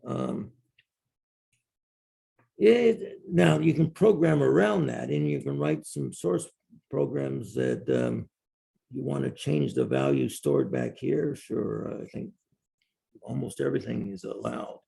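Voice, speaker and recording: A man's voice: mid-range voice, sing-song, takes it slowly, gravelly, pauses often, warm tone. A male professor giving a university lecture in a classroom, explaining step by step and repeating key terms.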